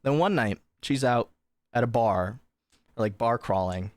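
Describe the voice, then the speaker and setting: A young man on a live stream recounts a story to his chat in a loose, chatty way, full of "like" and "um" and the odd curse. His voice sits at an ordinary middle pitch, and the recording is dry and close, with no room sound at all. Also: unhurried, no echo. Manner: chatty, swearing, animated retelling with many fillers. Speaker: livestream host.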